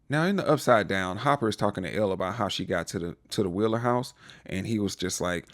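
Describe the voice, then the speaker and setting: A young man hosting a casual TV recap, animated and joking, acting out the characters' lines with playful slang. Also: fairly low pitch, fast. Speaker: recap show host.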